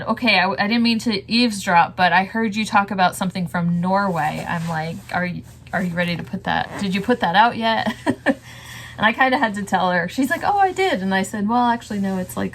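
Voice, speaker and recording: A woman's voice: medium pitch, fairly bright tone, a little hiss or hum. A woman reseller chatting casually about her thrift store finds, rambling and laughing often. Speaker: reseller vlogger. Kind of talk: casual thrift haul chat.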